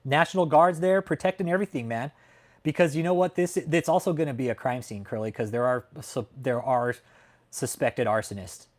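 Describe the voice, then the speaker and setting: A man's voice: medium pitch, a little fast. A man from California hosting a casual livestream chat, talking in a heated, profane, emphatic way and often tacking on "man". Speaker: livestream host. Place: home in Texas.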